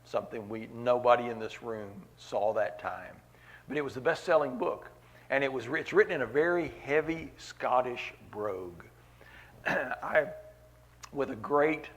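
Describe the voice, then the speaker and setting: A man preaching a sermon at a church meeting, earnest, repeating key phrases for weight. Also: mid-range voice.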